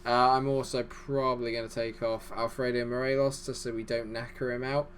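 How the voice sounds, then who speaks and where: A man giving fast, excitable live commentary over a football management game, chatty and self-deprecating. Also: mid-range voice, a little hiss or hum. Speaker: gaming YouTuber.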